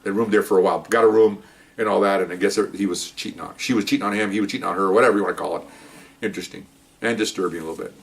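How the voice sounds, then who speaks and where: Fast-talking man telling cop stories. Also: low voice, vocal fry, far from the mic. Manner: chatty, rambling, chuckling at dark humor. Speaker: retired police officer podcast host. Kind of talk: casual storytelling monologue.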